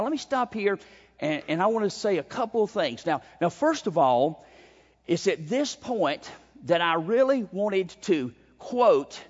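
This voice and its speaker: A man's voice: high-pitched, slightly rough. A man preaching an expository sermon, emphatic, with frequent stumbling repeated starts. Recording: dull sound in a long-reverb hall.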